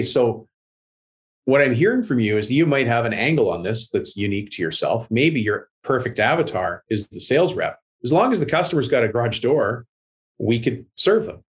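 Male business coach hosting a podcast, average pitch, affirming and summarizing. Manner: brief affirming replies, summarizes the guest. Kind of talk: casual interview talk.

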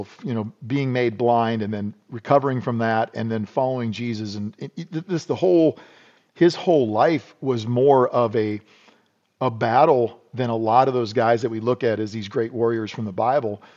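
A man's voice: mid-range voice, moderate pace, darkish tone. A middle-aged American man, a podcast guest, telling stories in a rambling, folksy way with lots of "you know." The sound is dull and lo-fi. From United States. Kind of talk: casual storytelling interview.

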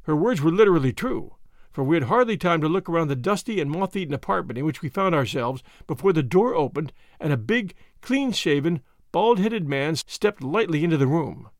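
Expressive male storybook narrator. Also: a little high, a little fast, no echo, clean studio sound. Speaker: audiobook narrator. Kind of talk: scripted narration.

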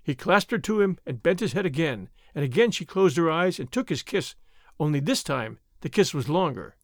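A man narrating an audiobook in a measured storytelling manner. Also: fairly high pitch, animated, dry recording, studio quality. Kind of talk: scripted narration.

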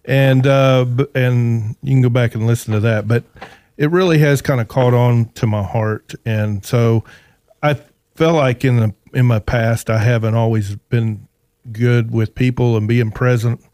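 A man's voice: medium pitch, fairly even intonation, darkish tone, dry recording. Earnest man on a dry mic. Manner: earnest, halting, with fillers. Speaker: podcast co-host. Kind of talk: casual studio chat.

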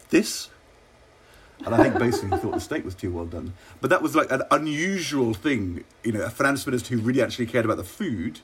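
A middle-aged man from England, a former minister, telling wry, measured stories in an interview. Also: mid-range voice, slightly rough. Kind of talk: relaxed interview anecdotes.

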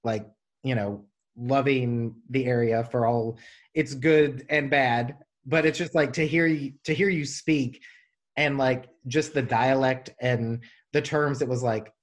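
A man's voice: medium pitch, steady tone, measured pace. A man hosting a podcast, talking enthusiastically and rambling a bit. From western North Carolina. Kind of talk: casual chat.

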